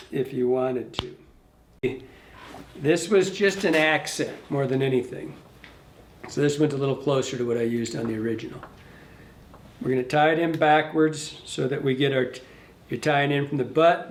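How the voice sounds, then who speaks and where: Man, fly tying instructor, loose rambling delivery, pitched a bit high, roomy echo. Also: a little hiss or hum. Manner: rambling, self-correcting, talks to the fly as he works. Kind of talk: casual hands-on tutorial. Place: fly shop tying bench.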